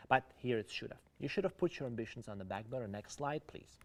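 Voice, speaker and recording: This Ukrainian-accented teacher talks fast in a fairly low, darkish voice with lively intonation. During his online lecture he explains English idioms, mixing in Russian, and asks viewers to reply in the chat.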